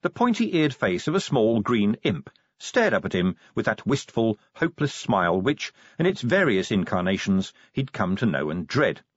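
A man narrating an audiobook with an expressive, varied delivery. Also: fairly low pitch, moderate pace, hardly any pauses, slightly rough, dry recording. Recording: dull, muffled dry recording.

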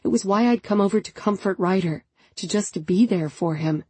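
Husky-voiced woman narrating an audiobook. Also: mid-range voice, moderate pace, darkish tone, dry recording. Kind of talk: first-person scripted narration.

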